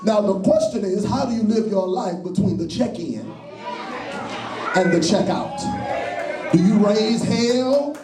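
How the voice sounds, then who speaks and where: High-voiced man preaching in echoey church. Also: animated, unhurried, pauses often, recorded from a distance, music in the background, crowd noise. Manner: call-and-response, shouting and dropping low. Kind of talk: sermon.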